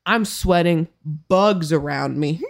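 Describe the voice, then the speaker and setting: A young woman co-hosting a podcast, telling a story in a casual, animated and profane way. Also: on the low side, slow pace, creaky. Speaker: podcast co-host.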